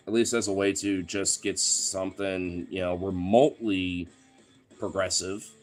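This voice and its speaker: Low-voiced man ranting casually with profanity. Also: steady tone, a little slow, faint music behind. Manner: profane, heated ranting with frequent fillers. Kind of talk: casual rambling monologue.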